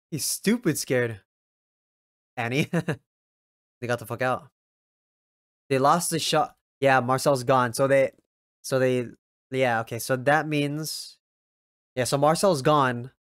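A young man giving casual reaction commentary while watching an anime episode. He swears often and breaks into loud, excited yells. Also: mid-range voice, no echo, studio quality.

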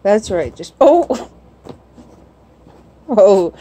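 A woman's voice: mid-range voice, animated, a little slow, a little mellow. A woman at home filming her cat on a phone, talking baby talk in coaxing, sing-song questions. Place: home indoors. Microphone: phone camera.

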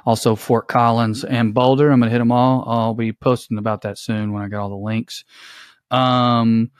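A man of middle pitch who drops dry, sardonic jokes into a podcast chat. The sound is close and dry, with nothing behind him. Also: flat delivery, normal speed, clear, resonant tone, no room sound. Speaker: podcast co-host, comedian. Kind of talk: casual chat.

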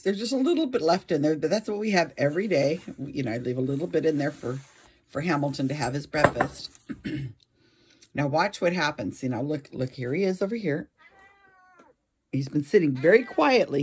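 Chatty woman filming her pets at home; husky, animated delivery. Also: sits low. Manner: chatty, laughs often, talks to her pets. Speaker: pet owner filming her cats. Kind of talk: casual home vlog.

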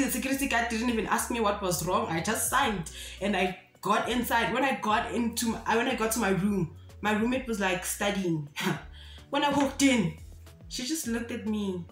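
A woman's voice: mid-range voice, fairly bright tone. A young South African woman with a South African accent, telling a personal story in a chatty, casual way full of fillers. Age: young adult. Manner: chatty, mixes English with local phrases, lots of fillers. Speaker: YouTuber. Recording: roomy echo with faint background music.

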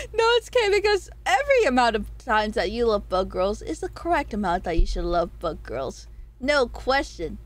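Giggly, excitable woman streamer. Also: no echo. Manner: giggly, excitable, swears freely, jumps between high squeals and low mutters. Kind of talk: casual livestream chat, reading poll results.

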